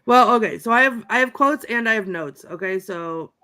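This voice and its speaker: A woman's voice: a little high, animated, moderate pace, sharp tone, clean tone. A woman co-hosting a podcast, wryly rambling through her notes on a film in casual chat. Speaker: podcast co-host reviewing a film.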